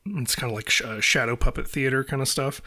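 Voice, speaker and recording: A man's voice: medium pitch, steady tone, quick pace, pushed and bright. A man chatting casually about a film, hesitant and amused.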